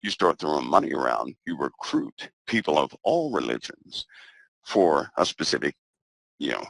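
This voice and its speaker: A man speaking as a guest in a casual conversation, measured and repeating phrases for emphasis. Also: very deep voice, very animated, gravelly, fairly bright tone, no room sound.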